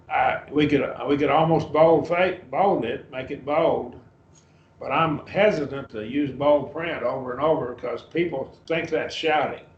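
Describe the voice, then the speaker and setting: A man leads a Bible class, working through Greek words in a relaxed, halting way and calling on his students one by one. His voice is recorded in a reverberant room, and the sound is muffled and lo-fi. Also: on the high side. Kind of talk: Bible class lesson, Greek word study. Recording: roomy, dull lo-fi class recording.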